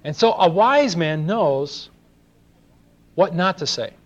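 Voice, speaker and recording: Older preacher from LA, slightly high voice, chatty and questioning, lo-fi tape. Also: male voice, expressive, slow pace, a little hiss or hum. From Los Angeles. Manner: conversational, asks the congregation questions, acts out little dialogues. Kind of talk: sermon. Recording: dull lo-fi sermon recording.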